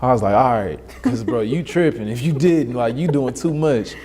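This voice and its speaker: A young man from Dallas, a guest telling animated stories in a casual interview and acting out the voices he quotes. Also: medium pitch, normal speed, a little hiss or hum. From Dallas, Texas.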